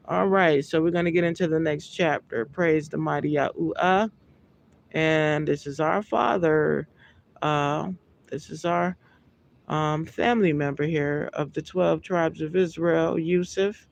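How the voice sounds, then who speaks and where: A woman's voice: deep voice, a little slow, creaky. A woman reading Bible passages aloud in an elevated tone and breaking off into loose, filler-laden commentary. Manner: reads archaic scripture in a lifted tone, then drops into loose asides with fillers. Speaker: scripture reader.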